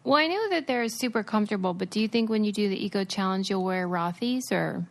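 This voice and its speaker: A young woman co-hosting a podcast, brisk and enthusiastic as she chats and reads a sponsor segment. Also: mid-range voice, expressive, creaky. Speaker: podcast co-host. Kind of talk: casual chat and host-read ad.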